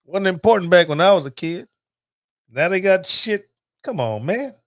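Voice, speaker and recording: A man's voice: sits high, moderate pace, no echo, studio quality. A middle-aged man, host of a cooking channel, ranting casually and profanely to camera. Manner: profane, animated, preachy.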